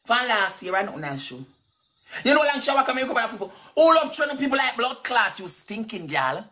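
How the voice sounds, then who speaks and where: Fairly high-pitched, sharp, sing-song, and fairly quick, a woman with a Jamaican Patois accent delivers an angry live-stream rant. She curses, taunts, and sometimes half sings what she says.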